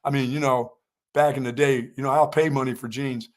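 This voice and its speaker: A man's voice: mid-range voice, steady tone, a little fast. An older man from North Carolina co-hosting a sports show, telling a long story in casual chat and raising his voice for the quoted lines.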